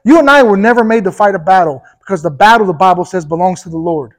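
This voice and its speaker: A male pastor preaching a sermon with energetic emphasis, speaking straight to the congregation and often checking in with "okay?" and "right?". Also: high voice, quick pace, rough recording. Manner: addresses the congregation directly, with repeated "okay?" and "right?".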